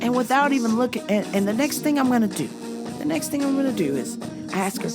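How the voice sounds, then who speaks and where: A woman host telling comic work stories in a blunt, profane, animated rant. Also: fairly high pitch, quick pace, over loud music. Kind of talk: comedic storytelling rant.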